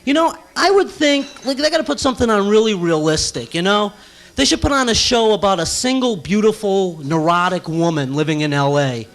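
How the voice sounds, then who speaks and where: High-voiced nervous stand-up comic. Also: male voice, a little fast. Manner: nervous, animated joke telling with sung bits. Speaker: stand-up comedian. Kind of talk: stand-up comedy routine. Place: small cafe stage with a live audience.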